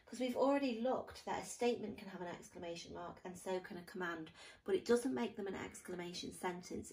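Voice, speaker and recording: A woman's voice: lowish voice, a little mellow, far from the mic, rough recording. A woman teaching a grammar lesson to pupils, patiently explaining step by step with examples.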